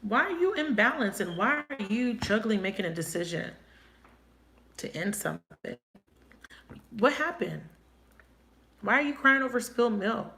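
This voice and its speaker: A woman giving a live tarot reading, thinking aloud and asking quick, emotive questions. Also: fairly high pitch, animated, bright, forceful tone. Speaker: tarot reader. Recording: echoey room, faint noise.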